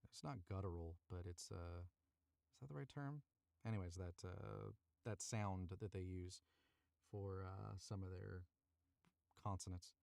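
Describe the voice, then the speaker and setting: A gravelly, darkish, low voice moves at a measured pace in a dry recording. On a live stream from a cramped booth, this voice actor reads a story aloud, talks with viewers, and fixes stumbles by redoing the lines.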